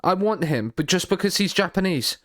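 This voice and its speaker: A man streaming a football management game, thinking out loud in a rambling way, often repeating and restarting his words, with dry sarcastic asides. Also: high voice, expressive, a little fast, no room sound. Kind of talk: live stream commentary while playing a football manager game.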